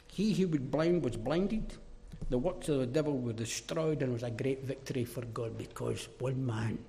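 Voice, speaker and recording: A man preaching a sermon, emphatic and forceful, dropping into low mocking asides. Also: creaky. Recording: reverberant hall.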